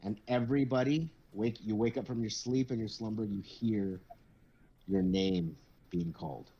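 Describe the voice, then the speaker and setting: Low-voiced man narrating a tabletop game. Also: highs cut off, a little hiss or hum. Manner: casual, halting storytelling. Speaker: game master.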